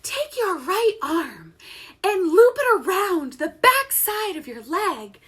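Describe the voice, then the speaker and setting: A woman voicing a soft-spoken female yoga instructor in a whispered role-play, giving slow, drawn-out instructions in a hushed, whispery tone. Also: fairly high pitch, husky, pitched below the performer's own voice. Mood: soothing.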